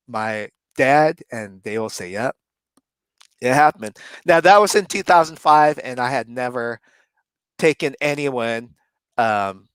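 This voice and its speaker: A man's voice: medium pitch, fairly bright tone, smooth, no echo. A man co-hosting a casual chat, animatedly telling a story and laughing often as he talks. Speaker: co-host.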